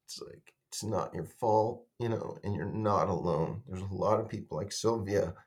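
A man in his fifties, a guest on a call, talking earnestly with halting restarts and repeated words. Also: lowish voice, a little mellow. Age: 50s. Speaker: guest survivor. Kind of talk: emotional interview talk. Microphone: video or phone call.

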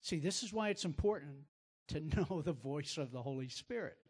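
A man's voice: fairly high pitch, animated, moderate pace, slightly rough, big-room sound. A man hosting and teaching like a preacher, emphatic and repeating words as he builds his point. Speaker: preacher host. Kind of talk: sermon-like teaching.

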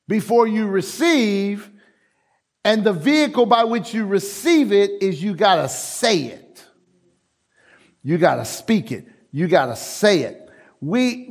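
A male pastor preaches with a high voice and a lot of swing in his pitch. He tells personal stories in a lively way, stumbles and repeats words as he builds up, and acts out the voices of people he quotes. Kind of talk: sermon.

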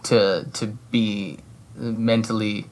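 A man's voice: lowish voice, level tone, slow. A man co-hosting a casual chat, hesitant and searching for words, with many "like" and "um". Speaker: podcast co-host discussing a game.

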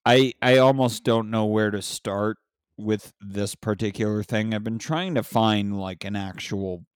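A man's voice: lowish voice, no room sound, studio quality. A man hosting a podcast in casual talk, blunt and swearing freely. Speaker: podcast host. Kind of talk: casual conversation.

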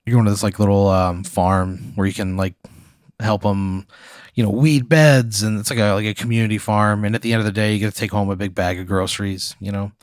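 Brief: a man with a low voice delivering deadpan improv narration in a dry room. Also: fairly quick, no room sound. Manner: deadpan, rambling second-person narration. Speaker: improv storyteller. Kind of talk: improvised comedy storytelling.

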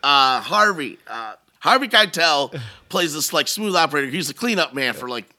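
Animated, profane man telling stories. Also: on the high side, normal speed. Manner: profane, animated ranting storytelling. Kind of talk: casual chat.

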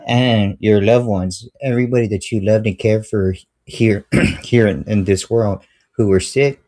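A man calls in to a faith program with a somewhat low voice. He speaks earnestly, restarting his sentences and leaning on "you know" as he offers comfort. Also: steady tone, unhurried, darkish tone. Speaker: caller. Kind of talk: call-in talk, preaching comfort.

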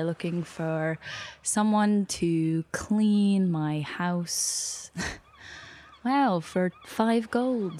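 A woman's voice: lowish voice, darkish tone. A woman player describing her character at a tabletop game, laughing often and swearing in asides.

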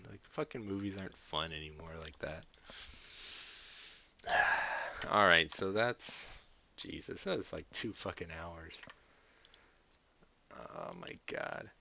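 A man's voice: low voice, creaky, pushed and bright. A man hosting a podcast in a casual, rambling monologue, swearing freely and laughing often. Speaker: podcast host.

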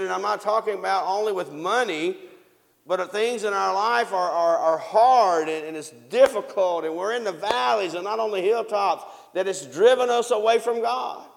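A man's voice: high-pitched, normal speed, vocal fry, a bit bright, big-room sound. A man preaching a sermon, reading scripture aloud and asking the congregation questions that he answers himself.

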